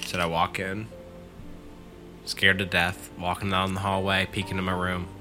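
Deep-voiced man telling a scary story. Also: monotone, moderate pace, music in the background. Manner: retells a friend's scary story in first person, swears freely. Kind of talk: casual storytelling.

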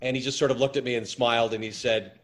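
Male actor guest, mid-pitched, stop-start storyteller, repeats himself. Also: steady tone, a bit bright. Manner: halting, repeats words, storytelling. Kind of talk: anecdotal interview chat.

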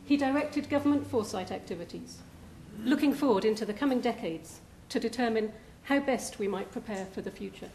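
Woman reading a formal introduction. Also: darkish tone. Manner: measured, formal. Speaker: event host introducing a speaker. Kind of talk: scripted introduction. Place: lecture hall. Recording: echoey hall with faint rumble.

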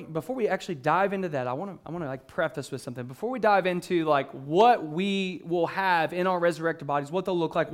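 A man preaching a sermon in a conversational way, with frequent restarts and fillers. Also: sits high. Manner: acts out the disciples' excited questions. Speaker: pastor.

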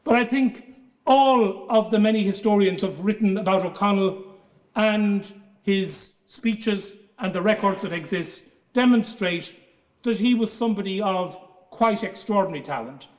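A barrister delivers a formal lecture, telling courtroom stories in a measured way. His speaking voice sits fairly high for a man. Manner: measured storytelling with anecdotes.

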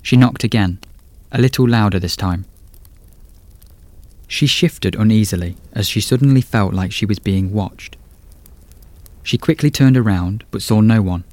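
A man reading a scripted horror story in a measured, atmospheric way as host of a podcast. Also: lowish voice, a little mellow, no room sound.

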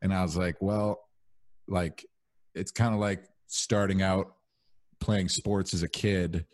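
A young man hosting a podcast, chatting casually in a relaxed, rambling way with lots of fillers. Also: low-pitched, takes it slowly, no echo. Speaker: podcast host.

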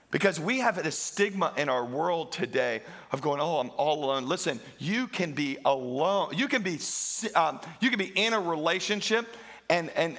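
A man's voice: high-pitched, a bit bright. A middle-aged man preaching a sermon as pastor, emphatic and repeating phrases for stress.

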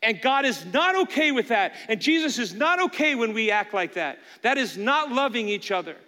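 A man's voice: extremely high pitch, very animated, normal speed, bright, forceful tone. A man preaching a sermon as pastor, talking earnestly and conversationally to his congregation in a church. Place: church sanctuary. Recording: long hall reverb from a church room.

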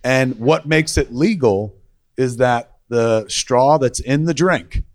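A man hosting a casual chat, telling stories in a profane, animated way and quoting other people's voices. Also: mid-range voice, slow. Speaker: podcast host, director.

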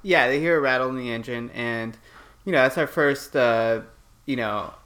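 A young man co-hosting a podcast, recapping a TV episode with quick jokes and interjections. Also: medium pitch, a bit bright, slight background noise. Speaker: podcast co-host. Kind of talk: casual chat recapping a TV episode.

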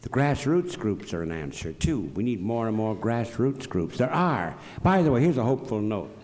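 A man speaking at a public forum, his low, mellow voice swinging widely in pitch as he builds a point. He throws out emphatic rhetorical questions and answers them himself. A long hall reverb trails behind every line. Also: very animated, normal speed. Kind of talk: animated storytelling and opinion.

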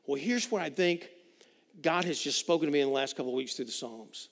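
A man preaching a sermon as pastor, swinging between loud emphatic lines and hushed quiet ones. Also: a little high, fairly quick. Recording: reverberant hall.

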